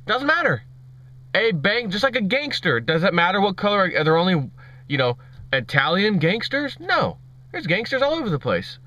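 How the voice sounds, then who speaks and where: A man's voice: high voice, sharp tone, dry recording. Sarcastic male vlogger ranting. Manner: sarcastic, mocking. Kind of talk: ranting commentary.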